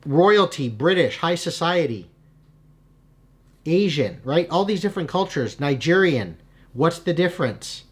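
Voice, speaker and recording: A young adult man hosting a video of tips for dungeon masters, talking in an energetic, conversational way with frequent "right?" asides. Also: on the high side, unhurried, husky. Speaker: channel host giving tabletop game advice. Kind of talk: casual advice video.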